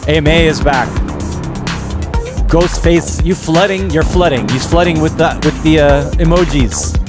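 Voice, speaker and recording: Greeting chat names one after another, the man runs a cheerful, talkative livestream out of a music school studio with electronic music in the background. His voice leans high and animated, and his pace is measured.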